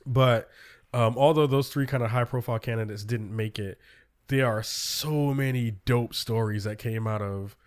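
A man's voice: medium pitch, moderate pace, smooth. Casual man hosting a talk show. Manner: loose, filler-heavy rundown of news. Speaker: podcast host. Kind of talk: casual political chat.

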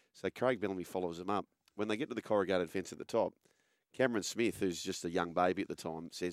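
A man's voice: sits low, quick pace, dry recording, studio quality. An Australian man hosting a casual sports chat, telling a story and acting out the quotes. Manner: animated storyteller, acts out quoted voices. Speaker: host.

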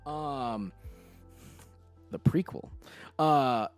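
A man's voice: mid-range voice, no room sound, faint music behind. A man co-hosting a casual podcast, recapping a video game and acting out the characters' lines as he goes. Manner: animated, quick to act out characters' lines. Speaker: podcast co-host.

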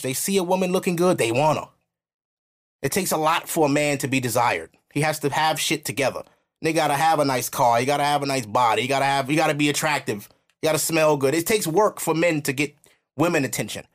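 A young man hosting a podcast, talking bluntly and preaching in a loose, casual way. When he quotes other people, he mimics them in high, mocking voices. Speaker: podcast host.

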